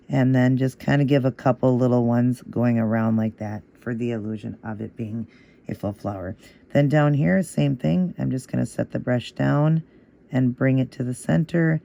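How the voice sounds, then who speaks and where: A man hosting a nail art tutorial, explaining each step in a patient, encouraging way and repeating the moves in a steady rhythm. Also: medium pitch, moderate pace, creaky. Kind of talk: casual step-by-step tutorial narration.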